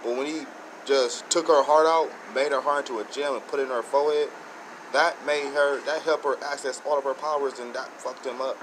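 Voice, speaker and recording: A man hosting his own channel, giving a rambling, excited casual review with many restarts and self-corrections. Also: mid-range voice, brisk, noisy background. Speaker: show host reviewing episodes.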